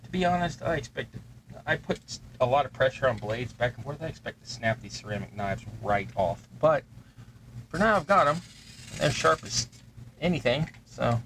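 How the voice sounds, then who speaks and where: A man's voice: mid-range voice, expressive, moderate pace, a bit bright, slight background noise, poor audio. A man hosting a crafting livestream, casually narrating each step of his work as he thinks aloud at his workbench. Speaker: host of a terrain-crafting livestream.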